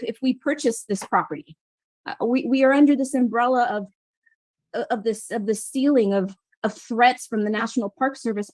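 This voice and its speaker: A woman on a city council speaking with passion and emphatic, halting restarts at a council meeting. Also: a little high, no echo.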